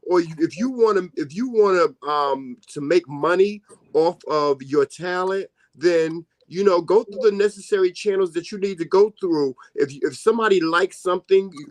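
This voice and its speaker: High-voiced man giving earnest advice. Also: normal speed, no room sound. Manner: earnest, advising, repeating points for emphasis. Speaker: co-host. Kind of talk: casual chat.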